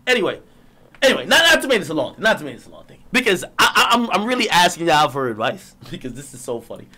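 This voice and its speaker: Animated man ranting on a stream. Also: a little high, fast talker, crowd noise. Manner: animated, laughs often, swears, repeats and restarts. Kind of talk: animated live-stream rant.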